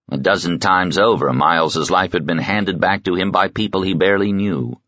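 Deep-voiced man reading an audiobook. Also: moderate pace, hardly any pauses, bright, forceful tone, dry recording. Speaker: audiobook narrator. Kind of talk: scripted audiobook narration. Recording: slightly muffled dry audiobook recording.

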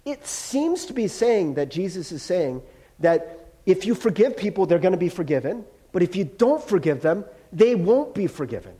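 A man, the pastor, preaching a casual, animated sermon with slangy asides, dropping to a hushed voice when quoting. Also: sits high, moderate pace.

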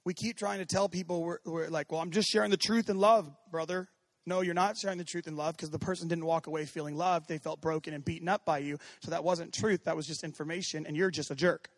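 A man preaching a sermon as pastor, animated, swinging from shouting to hushed tones and acting out quoted voices. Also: a little high, quick pace, hardly any pauses, no room sound.

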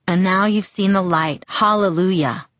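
Woman reading as a wounded stubborn teen girl, pushy, lower-pitched, dry sound. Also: moderate pace, fairly bright tone, dry recording, close to an everyday voice. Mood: upset. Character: hurt, defiant teenage girl.

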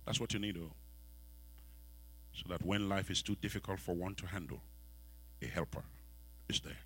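A man with a West African accent preaching a sermon in a church, asking the congregation questions and swinging from soft, quiet lines to loud ones. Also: deep voice, normal speed, husky. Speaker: pastor.

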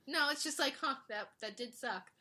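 A woman casually recapping a drama series, animated and quick, acting out the characters' lines. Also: high-pitched. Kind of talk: casual chat.

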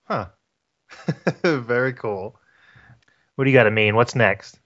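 A man's voice: medium pitch, slow, muffled recording. Chatty male podcast host. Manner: laughs often, animated storytelling. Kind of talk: casual interview chat.

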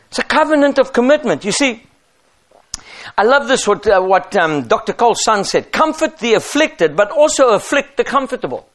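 A middle-aged man preaching a sermon as pastor, emphatic and driving his points home with rhetorical questions. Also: very high voice.

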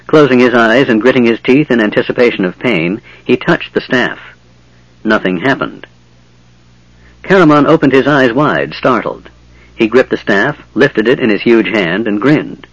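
A man giving a measured, dramatic audiobook narration of a fantasy story. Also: medium pitch, a bit bright, no echo, muffled recording.

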